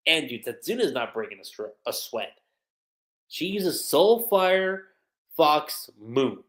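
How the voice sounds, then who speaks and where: Animated man reviewing manga, roomy echo. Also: fairly high pitch, unhurried. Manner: animated, slangy, retells scenes in quoted voices. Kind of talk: casual livestream chapter review.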